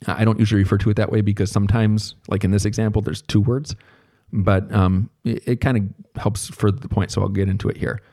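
Middle-aged guy teaching a therapy class, laid back and conversational, low mellow voice. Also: fast. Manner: relaxed, conversational, thinks aloud. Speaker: therapy instructor. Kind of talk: recorded lecture.

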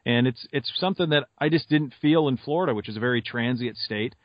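A man from Montana, co-hosting a sports podcast and telling rambling stories in a casual, animated way. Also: mid-range voice, fast talker, no echo, dull audio. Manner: animated storyteller, rambling with fillers. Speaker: podcast co-host and sports radio host.

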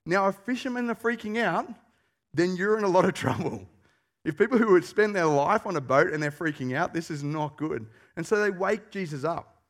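A pastor preaching a sermon, telling stories with animation and putting questions to the congregation. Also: male voice, on the high side. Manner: animated storyteller who asks the congregation questions.

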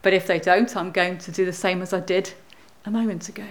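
A woman's voice: fairly low pitch, fairly even intonation, a little fast. Chatty woman leading a church service. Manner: informal, chatty address to the congregation. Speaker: worship leader.

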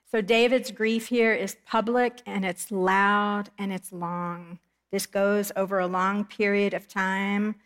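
A middle-aged woman giving a Bible study lesson in an earnest, measured way, reading scripture aloud and explaining it. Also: mid-range voice, little pitch movement, fairly bright tone. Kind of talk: Bible teaching lecture.

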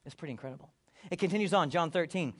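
High-voiced animated man preaching. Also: very fast, breathy edge. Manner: animated, playful asides, acts out voices of the disciples. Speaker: pastor. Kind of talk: sermon.

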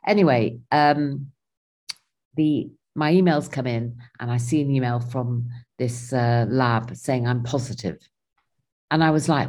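A woman's voice: rumbling low, measured pace. A woman, animatedly telling a personal travel story in casual conversation. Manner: animated, acts out her own and others' lines.

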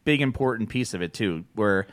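Rambling, profane podcast host, dry sound. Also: male voice, fairly low pitch, fairly quick, dry recording. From New Jersey. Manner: rambling, profane, animated, with many restarts. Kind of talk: casual chat.

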